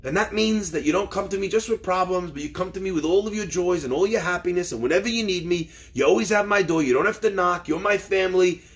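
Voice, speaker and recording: A man voicing an older revered rabbi who speaks gently and persuasively. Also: high-pitched, quick pace, few pauses, voice pushed up, lightly acted. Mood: warm, fatherly.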